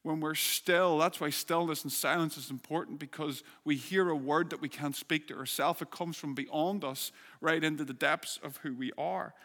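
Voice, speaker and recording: A man's voice: fairly high pitch, steady tone, normal speed, hardly any pauses, fairly bright tone. A man preaching a sermon as a pastor, earnest, building emphasis and asking rhetorical questions. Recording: long reverb of a hall.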